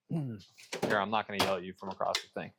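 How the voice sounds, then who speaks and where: A man's voice: lowish voice, normal speed, creaky, background noise. A man casually explaining his fabrication work to the camera in a workshop vlog, rambling, muttering and swearing to himself as he measures. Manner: loose and rambling, talks to camera while measuring. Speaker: custom truck fabricator.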